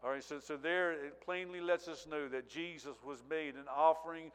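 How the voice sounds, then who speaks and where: A fairly high-voiced man preaching, swinging between quiet asides and loud, drawn-out scripture reading. His voice rings out with a long reverb tail, as in a large church hall. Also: fairly even intonation, clean tone. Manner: reads scripture with rising intensity, repeated praise interjections.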